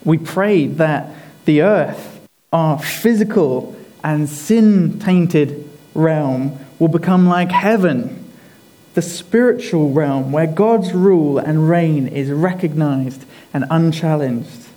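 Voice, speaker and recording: A man preaching a sermon in a deliberate, emphatic way, repeating his key phrases for weight. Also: fairly high pitch, mellow, rough recording.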